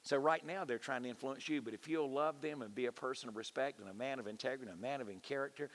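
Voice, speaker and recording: A man's voice: quick pace, few pauses. A middle-aged man, preaching folksy sermon stories at a conference. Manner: folksy preaching, swings from low mutters to soaring shouts. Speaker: pastor.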